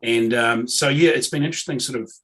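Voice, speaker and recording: New Zealand man, relaxed podcast guest. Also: medium pitch, fairly quick, low-quality recording. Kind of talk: casual interview chat.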